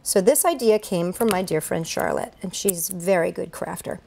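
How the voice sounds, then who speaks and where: A woman who performs at kids' events narrates a duct tape craft aloud, step by step, while working with her hands. Her fairly low voice is gravelly and dark, at normal speed, and her manner is chatty, upbeat, and encouraging.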